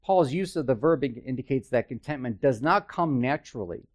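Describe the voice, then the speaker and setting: A man's voice: medium pitch, animated, brisk. A man teaching a Bible study in a conversational way, with chatty, self-deprecating asides and frequent checks with his listeners.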